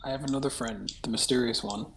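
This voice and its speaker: A woman's voice: very deep voice, fairly even intonation, quick pace, creaky, noisy background. A woman playing in a tabletop game, speaking in a laid-back, offhand way. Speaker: player. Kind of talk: casual tabletop role-play.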